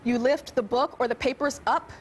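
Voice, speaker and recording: A woman's voice: high-pitched, normal speed. A woman hosting a talk show, playfully teasing her guest and laughing often in front of a studio audience. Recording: studio audience and background noise.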